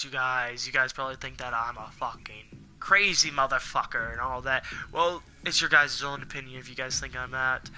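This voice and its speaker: A man's voice: mid-range voice, bright, forceful tone, slight background noise. A young man ranting heatedly to his viewers, swearing a lot and rambling as he vents. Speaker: gaming channel host. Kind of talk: angry ranting monologue.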